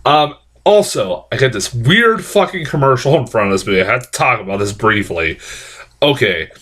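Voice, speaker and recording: A man's voice: medium pitch, animated, moderate pace, a bit bright. A man giving a casual spoken movie review, rambling and swearing, with many restarts and fillers.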